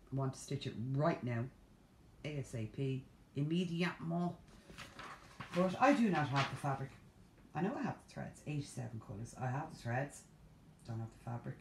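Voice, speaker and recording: An Irish woman vlogging about cross-stitch, ranting in an animated, exasperated way with playful asides. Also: deep voice, normal speed, long pauses, slight background noise. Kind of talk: casual chat to camera. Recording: echoey room.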